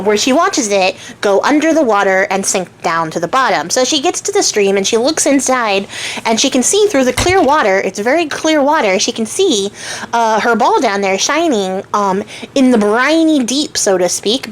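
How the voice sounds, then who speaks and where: A woman with a fairly high voice retells a fairy tale in casual, chatty storytelling. She drifts into joking asides and digressions, and a faint hiss hangs behind her. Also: animated, normal speed, poor audio. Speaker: crafter retelling fairy tales.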